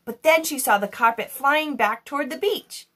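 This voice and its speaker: A woman reading a children's chapter book aloud in an expressive storytelling manner. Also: high-pitched, normal speed. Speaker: reader.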